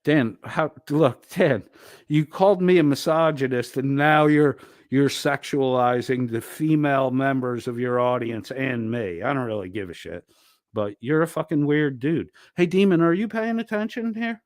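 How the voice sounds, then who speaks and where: A streamer rants angrily and profanely, arguing with someone during a heated livestream. His voice is medium-pitched at a moderate pace, recorded cleanly in a studio with no room sound.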